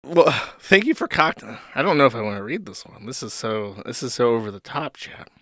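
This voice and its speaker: Sarcastic man streaming, lively pitch. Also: a little fast, dry recording, studio quality. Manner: sarcastic, laughs often. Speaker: live stream host. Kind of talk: casual stream commentary.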